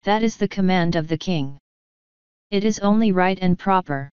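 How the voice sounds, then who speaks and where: Woman reading as a stern old priest, smooth, commanding, low voice. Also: moderate pace, darkish tone, dry recording, dull audio, close to an everyday voice. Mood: insistent. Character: stern, scheming old male high priest.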